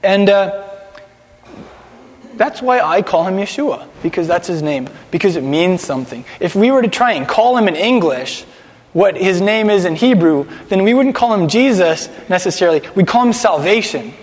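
A man with a high voice gives a loose, conversational sermon to a congregation. He stumbles over words and has his listeners say things back to him. His voice rings with a long echo, as if he is in a large hall. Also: animated, normal speed. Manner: chatty, repeats words, has listeners repeat after him. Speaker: congregation teacher.

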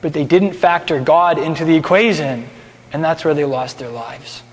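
High-voiced man teaching a Bible class in a hall. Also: normal speed. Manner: lively, directs the group, explains scripture casually. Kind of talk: sermon with a class skit.

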